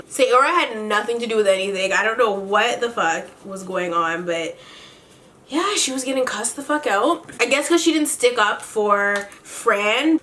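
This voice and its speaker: Brief: woman vlogger, slightly high voice, sassy profane gossip recap while doing makeup at home. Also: a bit bright, slight background noise. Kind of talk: casual makeup-tutorial chat.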